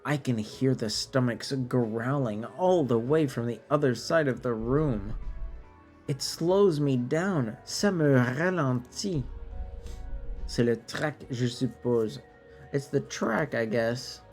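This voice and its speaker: A man's voice: mid-range voice, lively intonation, takes it slowly, darkish tone, faint music behind. A man streaming a game late at night, sleepy and tipsy, casually translating French text in a drawling, self-deprecating way that stumbles over words.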